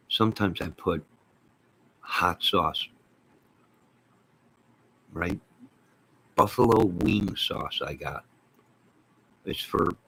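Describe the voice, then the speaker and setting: A man hosting his own channel, chatting casually to his viewers on a live stream in an excitable, folksy, rambling way. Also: sits low, gravelly, slight background noise, poor audio. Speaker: channel host.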